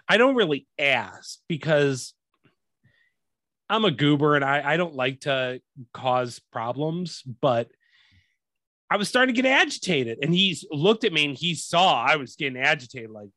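A man with a higher voice and a bright, forceful tone tells a story as a casual, exasperated rant full of swearing. He is a podcast host talking to his co-host, and the sound is dry and close. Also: very animated, unhurried, no echo.

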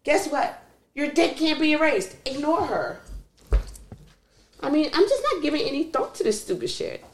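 Female podcast host, higher voice, blunt comic delivery, echoey room with faint noise. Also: sing-song, normal speed. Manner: blunt, joking, emphatic. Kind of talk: casual banter.

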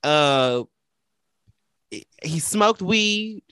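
A man co-hosting a casual talk show, telling a personal story in a dramatic, animated way and quoting the people in it. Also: high-pitched, extremely slow, clean tone, dry recording, clean studio sound. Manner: animated, dramatic retelling with quoted voices. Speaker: podcast co-host.

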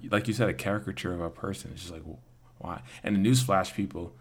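Easygoing young man with a deep voice. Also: fast. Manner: easygoing, stammers on restarts. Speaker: podcast guest. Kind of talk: casual podcast chat.

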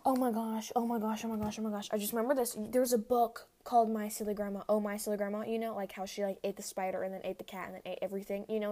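With a mellow, mid-range voice, a young woman hosts a solo podcast in a casual, rambling way. She uses many fillers, especially "like," and laughs quickly.

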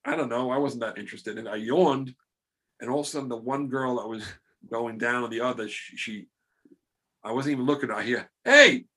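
A man's voice: mid-range voice, steady tone, brisk, husky. A middle-aged man, the podcast host, telling a rambling, self-deprecating story in casual chat.

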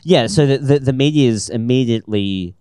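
A man's voice: mid-range voice, a little mellow, clean tone, dry recording. A man, co-hosting a casual podcast and giving his opinions with emphasis. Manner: emphatic, quick to agree, repeats words when starting. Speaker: podcast co-host.

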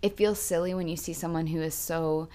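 A woman's voice: sits low, fairly even intonation, a little fast, warm tone, clear, resonant tone. A woman co-hosting a podcast, telling a personal story in an earnest, reflective casual chat. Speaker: podcast co-host.

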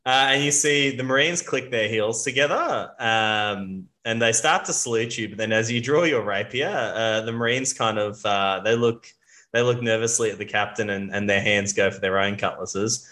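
A man's voice: on the low side, normal speed, pushed and bright, roomy sound. A man narrating as game master of a tabletop role-playing game, with many fillers and restarts.

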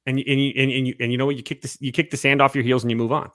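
A man's voice: medium pitch, level tone, very fast, hardly any pauses, a bit bright, no echo, clean studio sound. A man, a former head coach, co-hosting a casual sports talk show, speaking bluntly with strong opinions. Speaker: podcast co-host, former coach.

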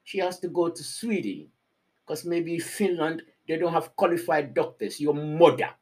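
A man's voice: fairly high pitch, normal speed, darkish tone, husky. Rambling slangy man on a live stream. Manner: loose, rambling, repeats himself, slangy. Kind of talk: casual live-stream chat.

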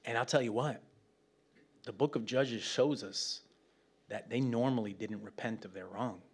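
A man preaching a conversational Bible teaching, animated and chatty, with joking asides to the room. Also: mid-range voice, moderate pace, husky.

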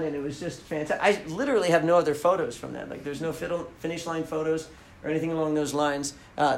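A man telling a story in a casual talk, animated, often laughing and acting out the lines he quotes. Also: on the high side, reverberant, slight background noise, rough recording. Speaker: speaker telling a running story.

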